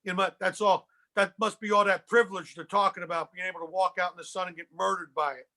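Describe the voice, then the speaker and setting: A man's voice: sits high, fairly even intonation, quick pace, sharp tone. A middle-aged man from Philadelphia, a comedian, rambling through profane rants in a podcast conversation. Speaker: comedian guest.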